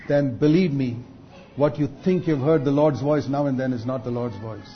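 A man preaching a sermon, building to loud, drawn-out emphasis at key points. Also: medium pitch. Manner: rises to loud, drawn-out emphasis on quoted rebukes. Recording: dull lo-fi recording.

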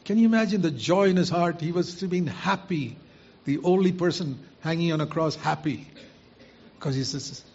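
A man's voice: a little high, moderate pace, a little mellow, husky. A man preaching a sermon, earnestly putting rhetorical questions to his listeners. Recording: muffled lo-fi recording.

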